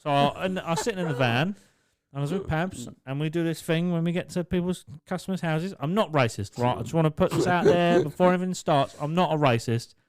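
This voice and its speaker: A young man co-hosts a podcast with a fairly high, smooth voice, talking quickly with hardly any pauses and no echo. His casual storytelling is loose, full of swearing, and he laughs through his own stories.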